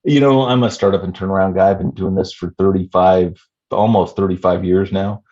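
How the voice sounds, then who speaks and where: A man in his fifties, a startup CEO answering interview questions in a measured way with many "you know" fillers. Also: deep voice, steady tone, a little mellow, highs cut off. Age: 50s.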